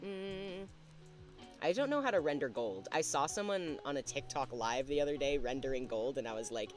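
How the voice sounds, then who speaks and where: A man's voice: medium pitch, animated, moderate pace, soft background music. A man chatting casually on a livestream while drawing, thinking aloud and laughing at himself. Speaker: streamer.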